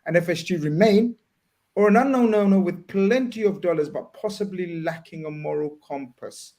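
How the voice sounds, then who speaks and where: Male stream host, slightly high voice, chats casually and reads out viewer messages. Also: normal speed, dark tone. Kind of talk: casual live-stream chat.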